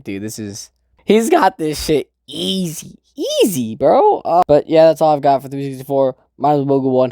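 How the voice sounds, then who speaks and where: Young guy rambling through a manga chapter recap, mellow voice, dry sound, gets hyped and cusses. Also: mid-range voice, smooth, no echo. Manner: excitable, swears, laughs, quotes characters in raised voice. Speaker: manga review host. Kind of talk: casual recap and commentary.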